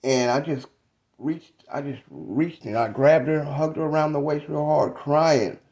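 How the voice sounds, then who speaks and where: A man in his thirties telling a personal story about his mother in a reflective, halting, casual way. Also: on the high side, fairly even intonation, a little mellow. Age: 30s.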